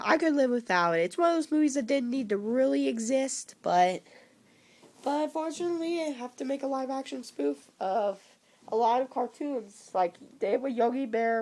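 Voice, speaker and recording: A young man in his teens with a cold, rambling casually about movies he likes and dislikes, with frequent halting restarts. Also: very high-pitched, creaky. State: coming down with a cold. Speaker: vlogger.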